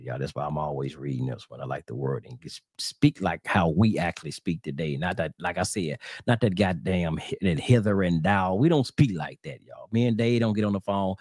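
Low-voiced guy preaching casual and blunt, swears a lot, dry sound with no room echo. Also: gravelly, a little mellow. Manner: blunt and profane, slangy, drawls scripture slowly. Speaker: Torah teacher.

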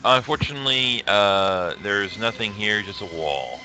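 A man's voice: fairly low pitch, animated, measured pace, bright, forceful tone, slight background noise, low-quality recording. A man serving as game master for an online tabletop game, teasing his players in an offhand way and using many fillers.

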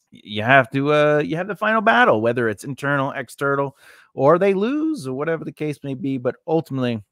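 A man's voice: medium pitch, dry recording. Guy talking through screenwriting tips, chatty with lots of uhs, dry close sound. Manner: chatty, lively, with asides and filler words. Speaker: screenwriting channel host. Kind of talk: casual teaching monologue.

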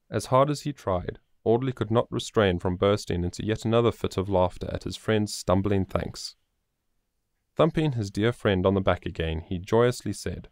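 Man reading a story aloud, lowish voice, super dry close mic, steady pace. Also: moderate pace, no room sound. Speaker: audiobook narrator. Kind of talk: scripted storybook narration.

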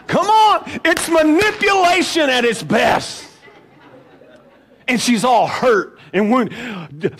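A male pastor, preaching a sermon in church with animated storytelling and jokes for the congregation. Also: very high voice, slow. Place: church sanctuary.

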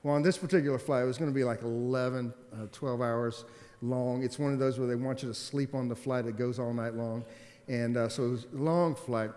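A man's voice: mid-range voice, darkish tone. Man preaching a sermon in a reverberant hall. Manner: storytelling preacher, earnest and emphatic. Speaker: pastor.

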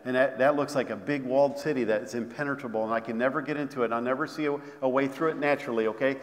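A man preaching a sermon, repeating phrases, stumbling over restarts and calling out to the congregation. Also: medium pitch. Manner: repetitive call-and-response preaching, many restarts. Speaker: pastor. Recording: long hall reverb.

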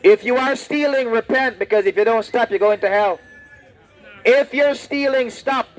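A man preaching loudly and confrontationally on the street, repeating his lines. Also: extremely high pitch, normal speed, rough recording. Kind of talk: open-air street preaching. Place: outdoors on a street.

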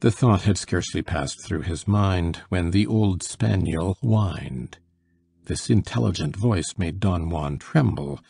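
Gravelly deep-voiced male audiobook narrator. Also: mellow. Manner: measured, dramatic storytelling. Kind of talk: scripted narration of a classic story.

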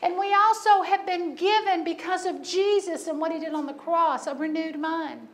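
A woman's voice: extremely high pitch, a bit bright. A woman pastor preaching a sermon, telling a personal story with humor and emphatic repetition.

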